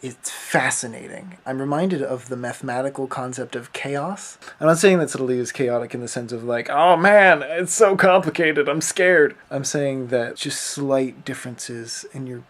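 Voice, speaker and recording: A young man speaking in a middle-range voice, mulling ideas over in a loose, rambling way. He talks casually to a camera mic in an unscripted vlog. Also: mid-range voice. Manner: thoughtful, rambling.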